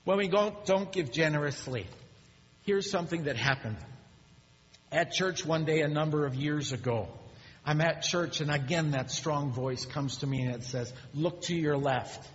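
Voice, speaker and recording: Man, pastor preaching, animated storyteller, slightly high voice, long church reverb, muffled sound. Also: normal speed, a little hiss or hum. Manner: animated storytelling, rising pitch when excited. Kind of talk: sermon. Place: church sanctuary.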